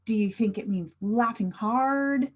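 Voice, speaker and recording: An American woman teaching English slang in an online class. She speaks clearly and asks the viewer questions. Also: on the high side, unhurried, muffled recording.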